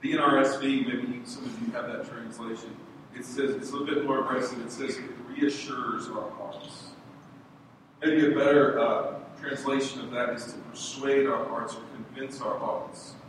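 A man's voice: mid-range voice, fairly even intonation, moderate pace, background noise. A man preaching an earnest sermon as pastor, his intensity rising as he goes. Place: church sanctuary. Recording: echoey church hall from far off.

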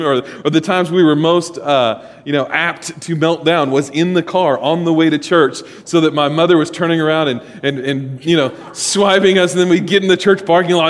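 A man in his forties preaching a sermon in a church, joking and telling stories to the congregation. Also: on the high side. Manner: joking, storytelling, talks to congregation. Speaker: pastor. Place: church sanctuary. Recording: long hall reverb.

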